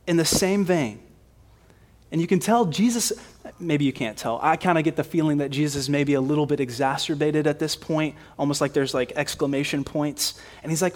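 Brief: male preacher, conversational and emphatic sermon delivery, slightly high voice, asks rhetorical questions. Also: normal speed. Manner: conversational, emphatic, frequent repeats.

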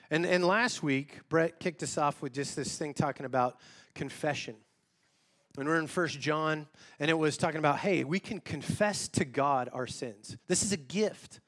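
A man with a fairly high voice preaches to his church. His manner is relaxed, plain-spoken and self-deprecating, as if chatting with friends from the pulpit. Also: moderate pace. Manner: informal, self-deprecating, talks straight to the congregation. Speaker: pastor. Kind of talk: conversational sermon.

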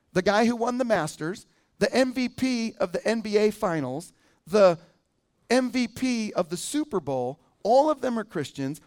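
A man's voice: sits high, darkish tone. A male pastor preaching a sermon in a conversational way, often asking the congregation questions.

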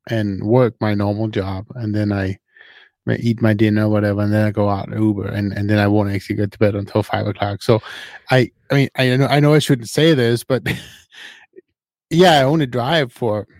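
Man, low voice, hesitant casual podcast talk, dry. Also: fairly even intonation, moderate pace, a little mellow, no room sound. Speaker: podcast co-host.

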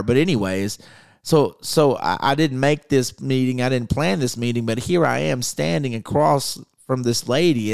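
A man preaching in an earnest storytelling way, often halting and restarting as he recounts a personal story. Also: mid-range voice, vocal fry, dry recording, studio quality. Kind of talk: storytelling sermon.

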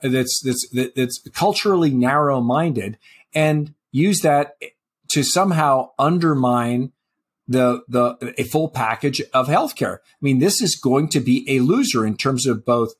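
A man's voice: medium pitch, lively intonation, a little slow, breathy edge. A man co-hosting a health policy talk show, arguing in a pointed, impassioned way. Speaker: podcast co-host. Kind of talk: casual policy discussion.

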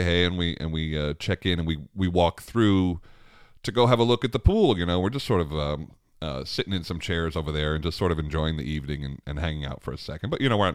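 A man's voice: low voice, no room sound, studio quality. A man in his thirties, a father, telling a family story in a casual, rambling way, chuckling often and restarting his sentences.

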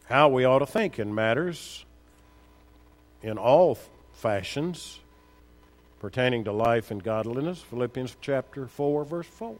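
A man with a medium-pitched voice preaches a sermon, firing rhetorical questions at the congregation and building to emphatic peaks.

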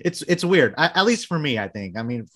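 A man's voice: a little high, very animated, fairly quick, a bit bright. A man hosting a casual interview, enthusiastic and chatty, laughing easily. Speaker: interview host.

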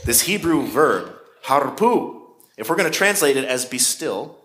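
A man's voice: medium pitch, big pitch swings, normal speed, fairly bright tone, slight background noise. A man preaching a sermon in a conversational way, with shifting emphasis. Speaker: pastor.

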